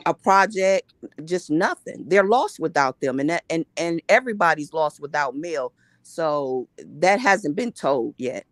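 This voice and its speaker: A woman's voice: deep voice, no room sound, studio quality. A woman co-hosting a casual recap chat, blunt and opinionated. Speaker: co-host.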